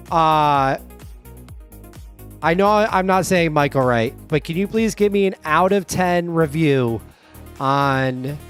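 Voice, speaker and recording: A young man hosts a laid-back coding livestream in an upbeat, playful way. His voice sits a little high, and he rattles off quick chatty patter to his viewers. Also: a bit bright. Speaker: livestream host. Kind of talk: casual livestream chat.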